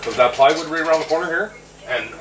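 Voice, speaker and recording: A man's voice: fairly high pitch, quick pace, fairly bright tone, reverberant, poor audio. A man, talking matter-of-factly as he walks through the work he has done on a trailer. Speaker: renovation worker. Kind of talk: casual explaining. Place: trailer under renovation. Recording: faint background noise.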